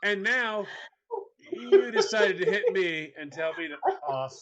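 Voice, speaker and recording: A man's voice: high voice, lively intonation, measured pace, a bit bright, lo-fi sound. A man comically retelling an exasperating story, laughing as he talks with mock bewilderment. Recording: audience noise behind.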